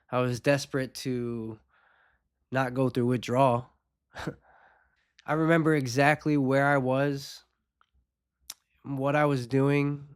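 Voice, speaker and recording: A man hosting his own show, talking candidly and unhurriedly about his recovery, his voice nasal from a recent cold, with soft rueful laughs between thoughts. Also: mid-range voice, dry recording, studio quality. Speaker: podcast host. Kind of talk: reflective personal talk on addiction recovery.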